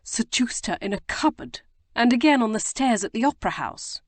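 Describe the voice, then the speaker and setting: Woman voicing a distraught young gentleman. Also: on the high side, animated, normal speed, no room sound, pitched above the performer's own voice. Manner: distraught, exclamatory outbursts. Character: anguished young gentleman, agitated and guilt-stricken. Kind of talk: audiobook character voice.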